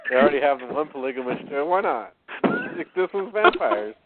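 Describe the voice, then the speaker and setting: A man's voice: medium pitch, very animated, brisk, very noisy. A man co-hosting a podcast, making wry, sarcastic asides in casual chat. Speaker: podcast co-host. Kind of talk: casual movie review chat. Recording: dry tinny phone-like audio.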